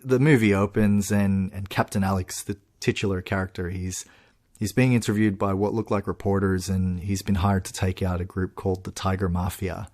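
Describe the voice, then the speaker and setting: A man co-hosting a podcast, chatting in an animated way with laughs and restarts. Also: deep voice, normal speed. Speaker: podcast co-host. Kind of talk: casual chat. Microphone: podcast microphone.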